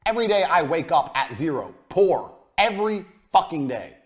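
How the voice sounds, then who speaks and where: A man giving a blunt, profane business lesson as a coach, mocking and forceful in his delivery. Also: on the high side, sing-song, moderate pace.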